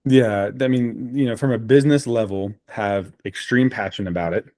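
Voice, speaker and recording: A man in a casual podcast conversation, a guest telling animated stories with frequent fillers. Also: lowish voice, moderate pace, dry recording.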